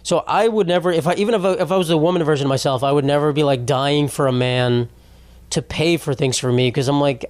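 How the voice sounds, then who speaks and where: The voice is a young man's, fairly high with lively intonation and a quick pace, recorded with no echo. As podcast host, he rambles through crude comedic material and interrupts himself mid-thought.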